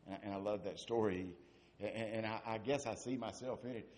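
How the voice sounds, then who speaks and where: A man's voice: fairly low pitch, fairly even intonation, a little fast, darkish tone. A man preaching a sermon, asking repeated rhetorical questions and building to emphatic peaks.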